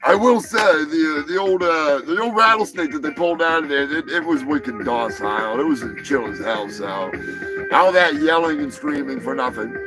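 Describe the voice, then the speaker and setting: A man hosting a live comedy show, rattling off odd news stories with lots of swearing and sudden shouted bits. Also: a little high, moderate pace, music in the background, rough recording. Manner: profane, rowdy, breaks into shouting bits. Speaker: show host.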